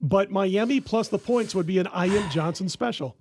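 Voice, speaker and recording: A man hosting a casual sports-betting podcast, an animated storyteller who laughs often. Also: high-pitched, moderate pace, no echo. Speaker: podcast host and sports handicapper.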